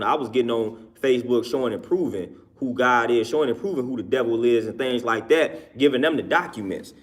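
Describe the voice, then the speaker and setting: A man hosting a livestream and talking casually to his viewers' comments, repeating his points twice with emphasis and laughing between them. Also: mid-range voice. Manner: repetitive, emphatic, says each point twice. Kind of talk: casual talk to a live chat.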